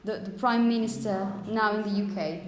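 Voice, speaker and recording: A woman's voice: medium pitch, steady tone, crowd noise. Woman teaching in an echoey classroom. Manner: explains slowly with many repetitions and "okay?" checks. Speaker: phonetics teacher. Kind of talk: classroom lecture. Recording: echoey classroom with long reverb, faint hiss.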